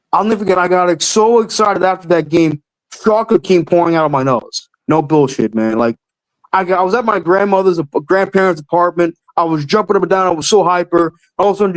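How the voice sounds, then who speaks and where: A man's voice: high voice, brisk, rough recording. A young man calling in to a sports show, talking in an emotional, rambling way and swearing now and then. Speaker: caller. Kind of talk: casual sports call-in rant.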